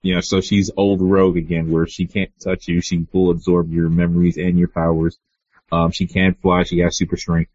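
A man co-hosting a casual comic book podcast, relaxed and full of fillers. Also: sits low, moderate pace, no room sound, lo-fi sound. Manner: relaxed, frequent "you know" and "uh". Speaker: podcast co-host.

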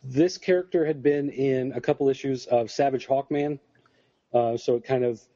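A man's voice: mid-range voice, steady tone, moderate pace, mellow, no room sound, dull audio. A man co-hosting a podcast, chatting casually and rambling through comic reviews with plenty of fillers. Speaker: podcast co-host.

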